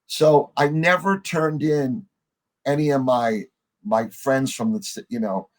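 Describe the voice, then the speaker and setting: A man, a podcast guest, telling long stories in a relaxed conversational way and acting out the other people's lines himself. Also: medium pitch, unhurried. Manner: animated storyteller acting out quoted voices. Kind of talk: conversational storytelling.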